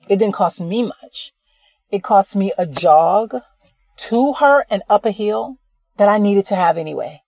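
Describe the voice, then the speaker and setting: A woman's voice: medium pitch, warm tone, dry recording. A woman host telling a personal story in a casual, rambling way, often correcting herself mid-sentence. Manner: rambling, conversational, self-correcting. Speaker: podcast host.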